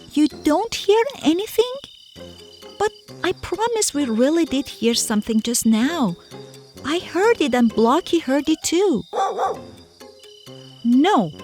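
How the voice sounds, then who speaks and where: Curious, coaxing cartoon guide. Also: female voice, high voice, full character voice. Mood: worried. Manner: animated, coaxing, speaks straight to the viewer. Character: friendly, curious young woman guiding a child. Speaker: cartoon voice actor. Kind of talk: children's cartoon acting. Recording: clear music underneath.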